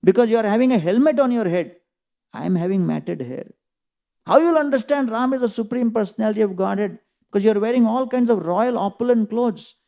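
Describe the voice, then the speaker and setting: A man's voice: high voice, animated, a little slow, gravelly, a little mellow, highs cut off, full character voice. A man voicing an indignant old male sage who scolds a king in a retold scripture story, repeating his rebukes one after another. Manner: chastising, rhetorical repetition.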